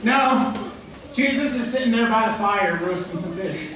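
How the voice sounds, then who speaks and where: A woman telling a Bible story to campers, acting it out with sudden shouts and hushed drops. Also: on the high side, normal speed, crowd noise. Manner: dramatic, swings from excited shouts to hushed tones. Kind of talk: animated Bible story for children. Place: large indoor hall at a day camp. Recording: echoey hall from far off.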